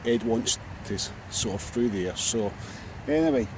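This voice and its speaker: Guy filming himself chatting to a seagull, fond and easygoing, calls it mate and buddy, middle pitch, a bit of background noise. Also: measured pace, a little mellow. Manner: affectionate, calls the bird mate, buddy and wee man. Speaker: vlogger caring for a rescued seagull. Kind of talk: casual home-video chat to a bird.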